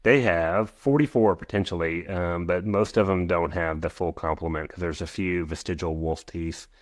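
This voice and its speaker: A man's voice: deep voice, normal speed, no room sound. A man in his forties, an equine veterinarian and guest on a podcast interview, rambling with frequent restarts and asides.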